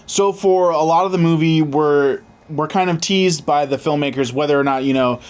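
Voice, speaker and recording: A man co-hosting a casual movie chat, telling stories in a relaxed, enthusiastic way. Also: a little high, normal speed, clear, resonant tone. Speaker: podcast co-host.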